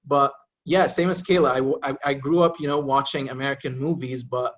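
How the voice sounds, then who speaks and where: A man in his late twenties, a native Arabic speaker, chatting as a podcast guest in a relaxed, easygoing way. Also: mid-range voice, a little fast, dull audio. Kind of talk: casual chat.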